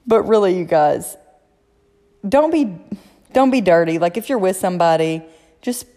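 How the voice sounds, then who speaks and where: A woman with a drawl talks straight to her listeners on a solo podcast, cursing freely and giving blunt advice. Her voice sits fairly low. A long reverb trails behind her words. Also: dark tone. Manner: blunt, profane, frank advice. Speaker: podcast host. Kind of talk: casual solo podcast chat.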